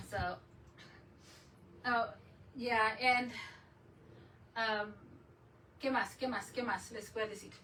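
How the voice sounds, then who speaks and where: A woman's voice: on the high side, drawn-out words, long pauses, bright, forceful tone, distant mic, slight background noise, poor audio. A woman hosting a crafting channel, chatting casually and rambling as she works, often laughing. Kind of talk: casual live chat while crafting.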